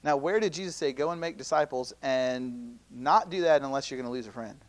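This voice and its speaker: A campus minister in his thirties giving a conversational teaching talk at a youth seminar, full of rhetorical questions and quick acted-out quotes. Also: medium pitch. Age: 30s. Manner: acts out quoted speakers in lively asides.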